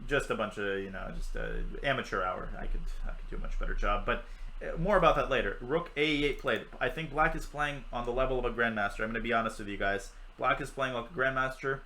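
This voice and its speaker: Young male chess streamer, bright, chatty, jokes with chat between moves. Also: mid-range voice, fast, rough recording. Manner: chatty, jokey, answers chat while teaching. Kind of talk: live chess commentary on a stream.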